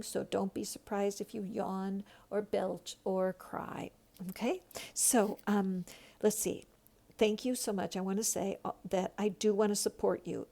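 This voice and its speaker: A woman tarot reader leading a guided tapping meditation, speaking gentle affirmations for listeners to repeat. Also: medium pitch, vocal fry.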